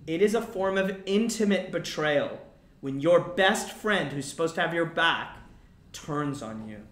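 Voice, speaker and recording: A man with a fairly high voice teaches a class about a play, explaining lines and acting out quotes with animated energy. He speaks a little slowly, and the sound is reverberant.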